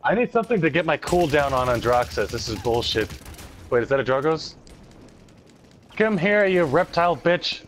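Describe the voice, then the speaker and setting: Young dude trash talking over a game, swears a ton, voice jumps around. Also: male voice, on the high side, sing-song, fairly bright tone, a little hiss or hum. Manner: brash, swearing, quick banter. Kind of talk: casual gaming chat.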